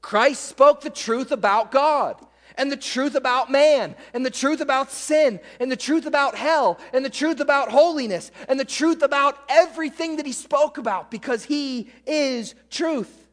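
A man's voice: extremely high pitch, moderate pace, a bit bright. A man preaching a sermon as pastor, fired up and emphatic, hammering repeated phrases. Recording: long hall reverb.

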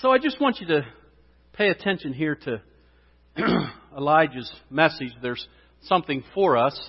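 A man preaching in a church, slightly higher-voiced than most men, and he swings from quiet asides to loud, rising exclamations. His voice rings with a long hall reverb, and the sound is a little dull. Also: sing-song, normal speed, slightly rough. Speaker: pastor. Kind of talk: sermon.

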